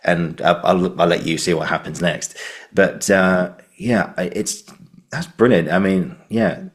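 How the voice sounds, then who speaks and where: A man's voice: low voice, fairly even intonation, a little slow. A man hosting a podcast interview, rambling loosely through stories with lots of fillers. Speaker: podcast host. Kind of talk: casual interview chat.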